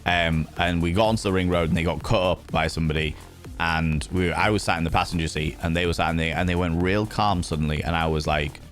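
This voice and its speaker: A man's voice: sits low, steady tone, quick pace, faint music behind. A British man hosting a livestream, telling stories animatedly, swearing freely and teasing his chat. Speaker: livestream host. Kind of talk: casual chat with viewers.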